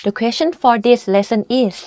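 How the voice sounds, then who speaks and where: Clear, careful woman teaching in a dry studio. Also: on the high side, fast talker, warm tone, no room sound. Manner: clear, careful demonstrating delivery. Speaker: language teacher. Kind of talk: scripted instructional narration.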